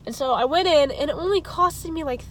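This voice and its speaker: A woman vents in a casual vlog with a fairly high voice, rambling and restarting as her frustration shows. Car and street noise run clearly beneath her, as if she is recording in or near a parked car outdoors. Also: a little fast, rough recording. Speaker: vlogger. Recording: traffic and car noise behind. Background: car and street ambience.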